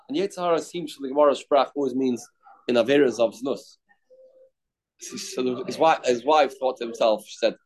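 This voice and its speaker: Man teaching Talmud, lively retelling with Aramaic phrases, medium pitch. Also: moderate pace, low-quality recording. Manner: animated storytelling, mixing Aramaic phrases and English. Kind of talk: Talmud class, retelling with acted quotes.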